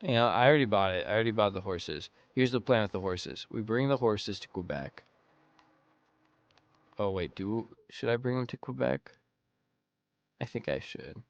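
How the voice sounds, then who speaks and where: A man's voice: fairly low pitch, expressive, normal speed, long pauses, dry recording, highs cut off. A man giving casual let's-play commentary, rambling and thinking aloud as he plays. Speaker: gameplay commentator.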